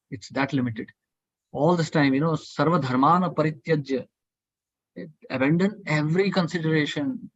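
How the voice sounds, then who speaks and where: A man teaches a devotional scripture study class in an earnest, provocative way, repeating his points to push listeners to think. His voice is husky and sits a little high. The sound is dry and muffled, like an online call. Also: no echo. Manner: earnest, provocative, repetitive urging. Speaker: study group speaker.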